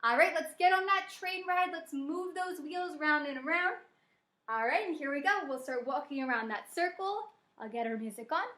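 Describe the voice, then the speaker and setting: A woman's voice: high-pitched, normal speed, sharp tone. Cheerful woman leading kids' song class. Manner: cheerful step-by-step instructions to children. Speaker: children's program leader. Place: library program room. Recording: roomy echo with music.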